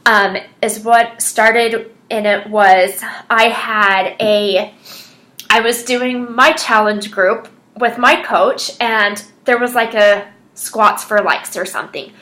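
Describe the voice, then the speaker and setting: A woman's voice: fairly high pitch, fairly even intonation, slow pace, bright, forceful tone. A woman telling her personal story as a fitness coach, earnest and chatty with lots of fillers. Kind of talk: personal story, casual monologue.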